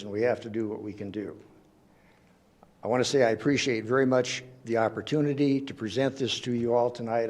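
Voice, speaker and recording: Earnest man pleading at a podium. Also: medium pitch. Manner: earnest, pleading, speaks in short halting phrases. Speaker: resident speaking at public comment. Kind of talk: public comment at a city council meeting. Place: city council chamber.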